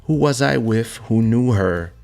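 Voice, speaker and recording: Podcast guy telling his story, lively, does the voices, faint music behind. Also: medium pitch, a little slow, gravelly. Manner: animated storyteller who acts out voices in quotes. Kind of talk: casual chat, personal storytelling. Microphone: studio podcast microphone.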